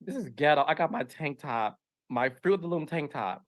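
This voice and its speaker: A man's voice: a little high, lively intonation, moderate pace. A man hosting a podcast, speaking earnestly and emotionally, often repeating himself. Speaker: podcast host.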